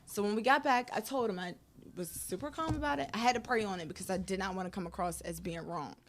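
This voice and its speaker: A woman guest speaking at a middle pitch. She tells her story with frank, animated energy and laughs easily between lines. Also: fast, slight background noise. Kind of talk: candid personal storytelling.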